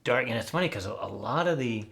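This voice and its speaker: A man's voice: mid-range voice, expressive, fast, creaky, fairly bright tone. A man co-hosting a casual chat show, talking in an easygoing, chatty way and laughing along. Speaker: co-host, trivia contestant.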